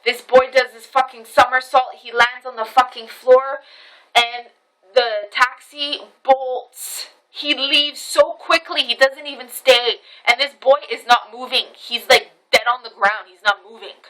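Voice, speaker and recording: A woman with a fairly high, bright and forceful voice tells a story straight into her camera phone. She rushes and circles back, repeating herself and cursing as she retells what happened, in a casual, unscripted vlog manner. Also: poor audio. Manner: animated retelling with many restarts and repetitions, swearing. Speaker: vlogger.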